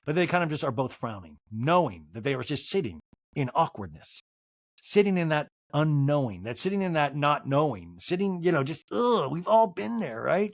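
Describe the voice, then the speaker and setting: A woman's voice: low-pitched, very animated, no echo, clean studio sound. Chatty woman podcast host. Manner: rapid, chatty, full of "like" and "you know". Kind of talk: comedic TV recap.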